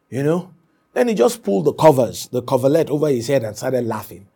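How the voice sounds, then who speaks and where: A man's voice: medium pitch, sing-song, a little fast, creaky, warm tone, slightly rough. A man preaching a sermon, emphatic and repetitive, often stopping to say "Amen.". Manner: emphatic, repeats points, punctuates with "Amen".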